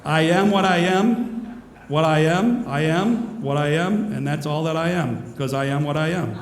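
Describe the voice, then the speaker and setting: A man voicing a gruff, one-eyed, muscular cartoon sailor with slangy, ungrammatical talk, recorded in an echoey hall. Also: a little high, unhurried, natural voice. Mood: boastful. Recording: echoey hall with faint noise.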